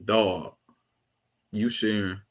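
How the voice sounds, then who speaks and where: A man hosting a live online class, chatting casually in a slangy, excitable way. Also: lowish voice, very slow. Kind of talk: casual chat.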